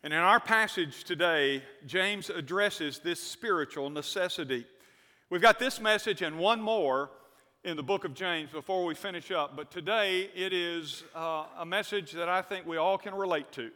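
Bright-voiced pastor preaching in a hall. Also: male voice, high voice, normal speed. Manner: storytelling, then reading scripture aloud. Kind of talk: sermon. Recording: church hall reverb.

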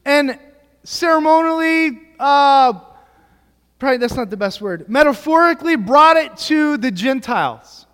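High-voiced man preaching in an echoing hall. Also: lively intonation, unhurried, fairly bright tone. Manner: casual storytelling with many fillers. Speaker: pastor. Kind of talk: sermon. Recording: long hall reverb.

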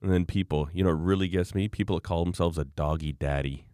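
A low-voiced man hosts a podcast and states his firm views with preachy emphasis. The recording is dry and close-miked. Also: quick pace, dark tone, smooth, no echo. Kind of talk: casual podcast chat.

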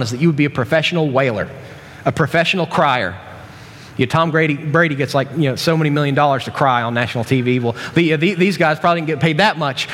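A man's voice: on the high side, a bit bright. A man preaching a sermon in a casual, joking way, with many restarts and asides. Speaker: pastor. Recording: long reverb from a large hall.

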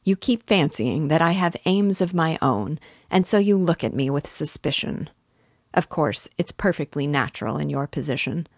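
A sly, suave middle-aged schemer, read by a woman from a storybook, teasing and unhurried in his talk. The voice sits low and close, with a dry, plain sound. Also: expressive, dry recording.

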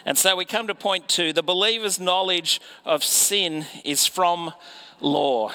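Slow, bright-voiced male preacher. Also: high-pitched. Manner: conversational, asks listeners rhetorical questions. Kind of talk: sermon.

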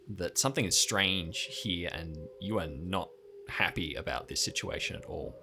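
A man running a tabletop game as game master, slowly describing each scene in detail. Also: fairly low pitch, fairly bright tone, a little hiss or hum. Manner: slow, descriptive scene-setting.

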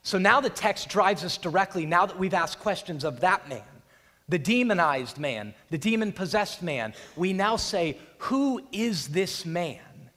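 Guy preaching, big swoopy high voice, long echo from the hall. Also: animated, moderate pace. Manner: dramatic storytelling, acts out voices, builds to loud peaks. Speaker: pastor. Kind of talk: sermon. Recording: long reverb of a large hall.

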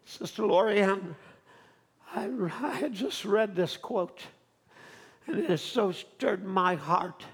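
A male pastor preaching a sermon, moving from quiet storytelling to loud, fervent preaching. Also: high voice, animated, slow pace, slightly rough. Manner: swings from quiet storytelling to shouted fervor.

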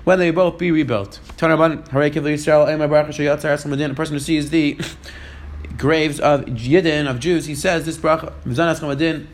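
A man giving a Talmud class in a quick, steady flow, mixing Hebrew and Aramaic quotes with English explanations. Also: fairly high pitch. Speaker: Talmud teacher. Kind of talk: Gemara study class.

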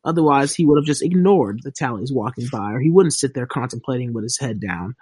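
A man's voice: mid-range voice, lively intonation, brisk, darkish tone, breathy edge, no echo. A young man guesting on a casual podcast, joking and sarcastic in his banter. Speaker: guest co-host.

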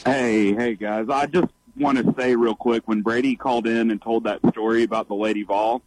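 A man calling in to a sports radio show, laying out his opinion in an earnest, measured way. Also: mid-range voice, fairly even intonation, a little mellow, no room sound, poor audio. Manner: earnest, measured analysis with frequent "I think".

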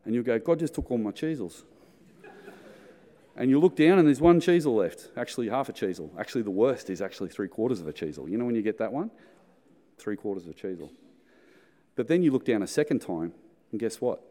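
A man's voice: medium pitch, very animated, fast, dark tone. A man with an Australian accent preaching a sermon as pastor, playful in his storytelling. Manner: playful storytelling with acted snack-sharing voices. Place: church hall. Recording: long church-hall reverb.

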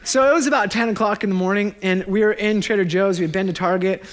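Man, pastor, sermon, high voice, animated, joking, laughs at own lines. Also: fast talker.

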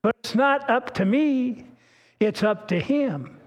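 The speaker is an older pastor giving a story-driven sermon in a very high-pitched voice with lively intonation and a slow pace. He is folksy and earnest, repeatedly restarting what he's saying.

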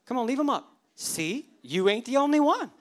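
Male pastor, thirties, preaching; animated and humorous storyteller. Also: extremely high pitch, moderate pace. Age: 30s. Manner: animated storytelling, acting out worshippers' inner thoughts with humor. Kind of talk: sermon.

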